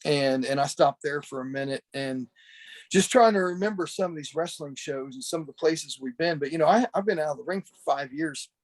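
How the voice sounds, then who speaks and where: Speaking fairly quickly with a voice on the high side, this ex-wrestler rambles through memorial memories as a podcast guest on a video call. He's talkative and chatty, full of restarts and "you know."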